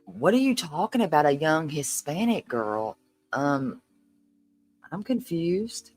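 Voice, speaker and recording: A woman's voice: sits low, sing-song, slow, a little mellow, faint music behind. A woman from Tennessee with a Southern accent, streaming live and reacting to a video with incredulous exclamations and frequent swearing. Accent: Southern American.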